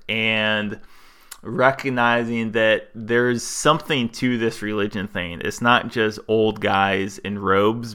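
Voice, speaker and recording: A man on a podcast talks slowly and reflectively, often breaking off and restarting his thoughts. His voice is bright and forceful, with a smooth, resonant tone, and he sits a little low in pitch. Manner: thoughtful, searching, with many restarts. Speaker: podcast co-host.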